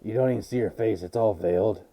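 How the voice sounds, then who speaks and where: A man vlogging a casual, rambling and excitable recap of an anime episode, with a gravelly voice. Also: on the low side, quick pace.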